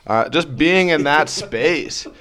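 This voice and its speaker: A man's voice: a little high, expressive, slow pace, crowd noise. A man on a podcast, chatting casually with dry teasing humor. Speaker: podcast guest. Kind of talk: casual chat.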